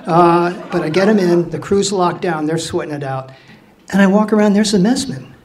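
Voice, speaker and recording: A man's voice: high-pitched, moderate pace, darkish tone. A man in his sixties tells a story live on stage, bluntly and with some swearing, laughing through his own telling. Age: 60s. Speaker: storyteller recounting his time as a ship's officer.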